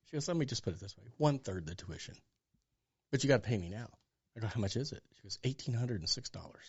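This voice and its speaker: Pastor in his sixties, animated storyteller voicing the other people in his stories, dull mic sound. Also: mid-range voice, fast talker, husky. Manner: animated storyteller acting out dialogue. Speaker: pastor and guest. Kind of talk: storytelling interview.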